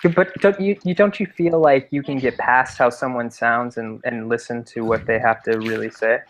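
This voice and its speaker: A man's voice: mid-range voice, fairly even intonation, normal speed, a bit bright, rough recording. Earnest man philosophizing, faint hiss. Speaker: guest. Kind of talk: casual chat.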